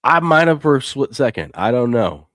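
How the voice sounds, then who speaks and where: A man's voice: mid-range voice, moderate pace, no echo, studio quality. A man co-hosting a live sports betting show, chatting casually and reading viewer comments aloud. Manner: reads viewer chat aloud, rambling and excitable. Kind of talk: casual live-stream chat.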